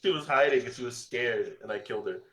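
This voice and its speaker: A man's voice: mid-range voice, fast, a bit bright. A man in casual chat while gaming, teasing his friends with mock-menacing banter.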